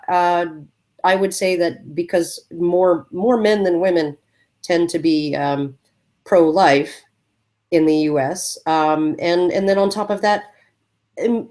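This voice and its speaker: A woman's voice: fairly low pitch, a little mellow. A woman co-hosting a casual podcast discussion, hesitant and blunt, with frequent fillers. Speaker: podcast co-host.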